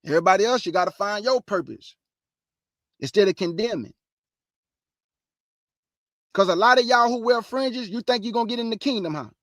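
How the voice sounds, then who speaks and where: A woman's voice: medium pitch, no echo. Plain-spoken woman teaching scripture, dry sound. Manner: reads verses slowly and firmly, breaks in with pointed rhetorical questions; casual, plain-spoken, addresses listeners as "y'all". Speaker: host and Bible teacher.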